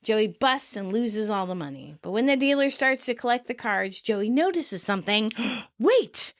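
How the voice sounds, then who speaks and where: A woman's voice: medium pitch, animated, normal speed. A woman co-hosting a podcast, recapping an episode in casual chat and laughing often. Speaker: podcast co-host.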